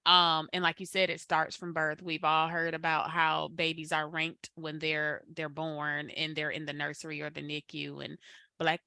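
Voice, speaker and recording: Low, bright-toned woman speaking thoughtfully. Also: monotone, normal speed, vocal fry, dry recording, clean studio sound. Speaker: panelist. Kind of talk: panel discussion.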